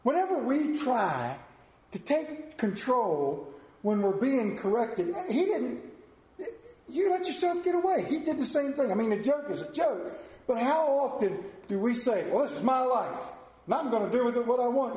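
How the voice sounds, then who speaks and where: High-voiced preaching pastor, man. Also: sing-song, moderate pace, roomy sound. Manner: preaching with sudden swings from hushed to loud. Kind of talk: sermon.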